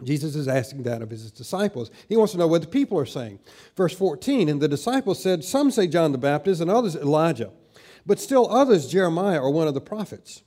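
A man's voice: very animated, mellow. Man preaching a sermon. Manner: slows down and rises in pitch and volume when stressing scripture. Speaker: pastor.

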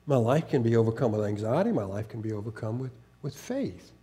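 A male pastor, raised in the American South and with a faded Southern accent, preaching a sermon in an earnest, halting way full of restarts and repeated words. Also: medium pitch, big pitch swings, warm tone. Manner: earnest, with occasional laughter.

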